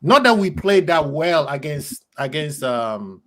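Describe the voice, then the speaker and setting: A man's voice: a little high, very animated, measured pace, sharp tone. A man hosting a heated fan debate on football, blunt and emphatic, hammering his points home. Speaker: football podcast host.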